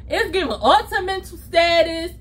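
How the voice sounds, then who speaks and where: A woman vlogger telling a story in a casual storytime style, lively and chatty, calling her viewers y'all and honey and acting out what people said. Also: very high voice, unhurried. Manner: animated, addresses viewers as y'all and honey, acts out quotes.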